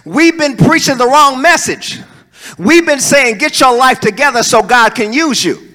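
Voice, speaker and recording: A male preacher, preaching a sermon and swinging between soaring calls and low, joking asides. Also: animated, normal speed, sharp tone. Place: church hall. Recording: long hall reverb.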